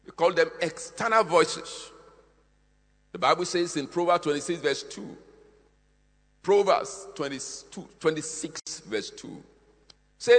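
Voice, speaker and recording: A male preacher with a bright, slightly husky voice, his pitch leaping up and down as he drives home each point. He repeats phrases for emphasis and swings from hushed lines to loud ones, all ringing in a hall with a long reverb. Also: lively intonation, measured pace, pauses often. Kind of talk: sermon.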